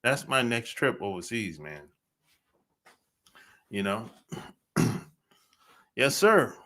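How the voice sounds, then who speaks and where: A man's voice: mid-range voice, very animated, drawn-out words, sharp tone. A man hosting a podcast livestream, talking in a laid-back, slangy way and laughing often. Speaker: podcast host. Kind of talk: casual livestream chat.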